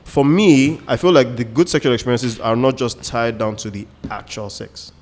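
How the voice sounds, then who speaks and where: A man's voice: medium pitch, normal speed, darkish tone, a little hiss or hum. Man musing in a reverberant room. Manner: explains with examples and asides. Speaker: co-host. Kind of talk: casual podcast chat.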